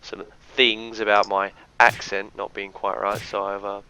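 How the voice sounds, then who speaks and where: A man's voice: fairly low pitch, flat delivery, unhurried. An Australian man doing chatty, jokey live-stream commentary on a game match. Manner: chatty, jokey, gives shoutouts. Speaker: esports commentator. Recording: dull lo-fi stream audio, faint noise.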